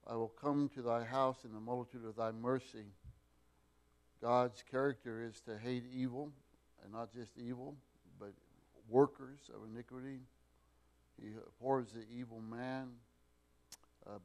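A man teaching a Bible class, pausing often with fillers and restarts and getting loud to stress key words. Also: mid-range voice, steady tone. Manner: unhurried, with many fillers and restarts, rising loud for emphasis.

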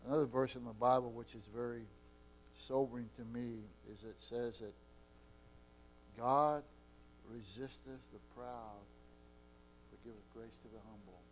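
A man preaching a sermon with impassioned delivery, his loudness swinging between soft and strong. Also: medium pitch, fairly even intonation, measured pace, pauses often, a little hiss or hum. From Eastern Oregon.

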